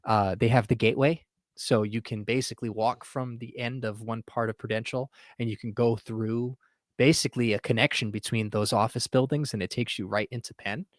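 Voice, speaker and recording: Male podcast host, animated banter, dry studio voice. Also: mid-range voice, dry recording. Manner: animated, laughs often, quick asides. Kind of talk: casual chat.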